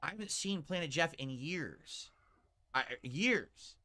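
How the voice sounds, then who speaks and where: Streamer guy, bright tense voice, fed up and venting to viewers. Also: a little high, lively intonation, slow pace. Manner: exasperated, addresses audience.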